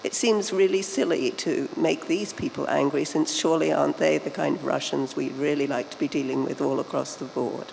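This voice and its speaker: A woman journalist asking an earnest, measured question from the floor of a conference hall. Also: low-pitched, fairly even intonation, gravelly, darkish tone. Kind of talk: audience question at a panel. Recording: echoey hall with faint background noise.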